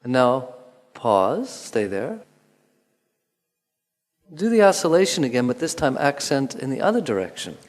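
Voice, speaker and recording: Man guiding a movement class, lively pitch. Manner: calm, instructive, with pauses and spoken counting. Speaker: movement teacher. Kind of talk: guided movement lesson. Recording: long hall reverb.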